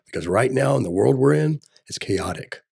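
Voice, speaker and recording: A man's voice: medium pitch, lively intonation, moderate pace, gravelly, a little mellow, husky. A middle-aged man running for governor, talking in a casual interview with emphatic, military-style phrasing and frequent "right?" tags. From Texas. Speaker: gubernatorial candidate.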